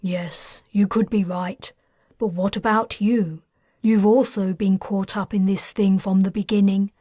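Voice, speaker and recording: A soft-spoken, earnest man, as a woman reads him in a science fiction audiobook. He talks slowly and gently, in a hushed, lowered voice, close and dry with no room sound. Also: flat delivery, dry recording, close to an everyday voice. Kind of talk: audiobook character reading.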